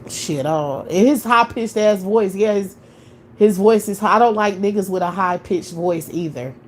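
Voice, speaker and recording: A woman's voice: medium pitch, normal speed, a little hiss or hum. A woman hosting a live stream, talking in a blunt, profane, opinionated way in casual chat.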